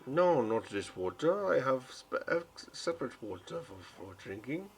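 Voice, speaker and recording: A man voicing a gentle, weary townsman who speaks in an earnest, halting way. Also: medium pitch, very animated, a little hiss or hum, pitched above the performer's own voice. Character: gentle foreign male townsman, weary but hopeful.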